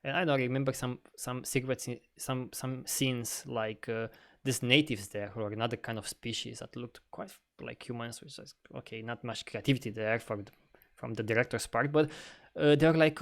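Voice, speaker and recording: Animated, swearing man co-hosting. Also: medium pitch, fairly quick. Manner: animated, swearing, laughs often. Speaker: podcast co-host. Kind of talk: casual podcast conversation.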